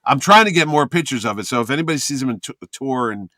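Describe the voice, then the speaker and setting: Animated male storyteller, casual chat, dry close sound, mid pitch. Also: fast talker, no room sound. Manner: animated anecdote teller, acts out quoted voices. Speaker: convention organizer telling a story.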